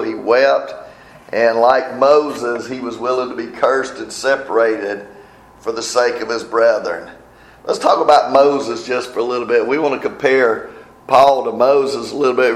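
A man preaching a sermon in a conversational way, asking the listeners questions and reading scripture aloud slowly. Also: medium pitch. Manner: conversational, asks the congregation questions. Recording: echoey room.

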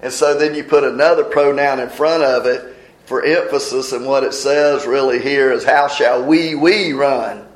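Guy preaching, folksy, walks thru bible verses, mid pitch, roomy echo. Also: flat delivery, normal speed. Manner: folksy, explains scripture verse by verse. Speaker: pastor. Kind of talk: sermon.

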